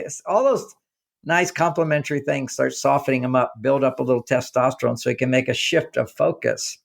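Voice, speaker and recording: A man, an author being interviewed, talking casually and telling animated stories in which he acts out the dialogue. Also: mid-range voice, brisk, creaky. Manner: animated storyteller acting out quoted dialogue. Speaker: author and guest.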